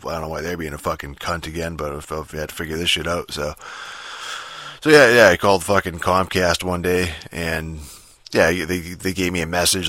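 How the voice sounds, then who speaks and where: A man's voice: low-pitched, little pitch movement, a little fast, pushed and bright, dry recording. A young man hosting a podcast, ranting casually and profanely, rambling with many fillers and restarts. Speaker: podcast host. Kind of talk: casual rant.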